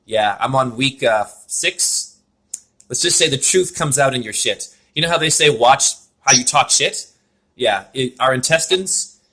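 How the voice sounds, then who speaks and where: A man's voice: medium pitch, lively intonation, a little slow, bright, forceful tone. A man giving a spiritual name reading over a video call, talking in an effusive, rambling way full of wordplay.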